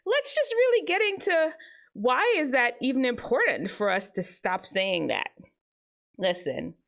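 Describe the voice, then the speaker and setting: Woman host, teen advice talk, very expressive swoopy pitch, chatty. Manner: animated, chatty, jumps between high and low tones. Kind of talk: casual advice talk to teens.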